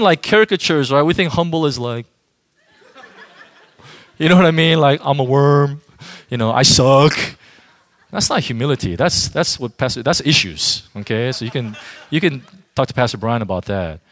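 A man's voice: on the high side, lively intonation, moderate pace, a bit bright. Man preaching casually to a youth group. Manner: conversational, emphatic, addresses audience directly. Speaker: youth pastor. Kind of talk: informal sermon to a youth group.

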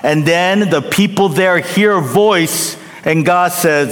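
A man preaching a sermon as pastor, emphatic, rising to loud peaks and dropping to hushed endings, often checking in with the congregation. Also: high-pitched, slow. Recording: long hall reverb.

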